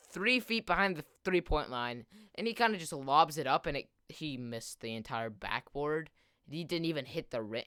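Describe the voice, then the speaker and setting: A man's voice: fairly high pitch, a bit bright, smooth, dry recording, clean studio sound. A teenage boy telling a long story while he games, rambling and filling nearly every phrase with "like". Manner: rambling, constant "like" fillers. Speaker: gaming video host. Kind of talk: casual storytelling over gameplay.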